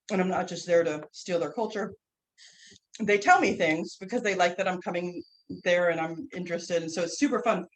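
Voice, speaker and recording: A woman teaching a class, telling a story in a lively, rambling way, full of restarts and "like", standing away from the microphone. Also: mid-range voice, poor audio. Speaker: herbal instructor and guest speaker. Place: classroom, speaking away from the mic.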